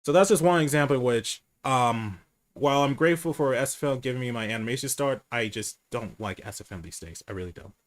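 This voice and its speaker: A man hosting a casual livestream chat, candid and profane, who says he speaks low and rambles with restarts. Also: fairly quick.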